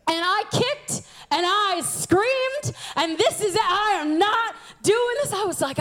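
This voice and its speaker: A woman in her twenties giving an animated sermon, acting out the voices she quotes. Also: very high voice, normal speed, hardly any pauses. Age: 20s.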